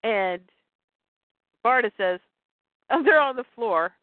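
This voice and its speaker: A woman retelling a comic story in casual chat, animated and laughing. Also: on the high side, takes it slowly, dry recording. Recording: tinny phone-like dry sound.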